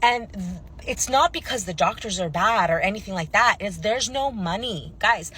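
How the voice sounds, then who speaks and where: A woman from Canada talks bluntly and emphatically to camera. Her voice sits at a middle pitch, with faint background noise in the recording. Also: animated, moderate pace, bright, forceful tone. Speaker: vlogger. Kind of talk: casual opinion vlog.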